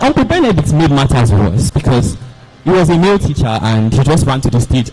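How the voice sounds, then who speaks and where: A young man performing a dramatic spoken-word story in an animated, theatrical way. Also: medium pitch, a little fast, low-quality recording. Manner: animated, theatrical, voices the characters.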